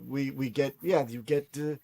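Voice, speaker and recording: A man's voice: medium pitch, steady tone, normal speed, mellow. A man co-hosting a casual crypto chat, joking and stammering through his lines. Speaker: co-host.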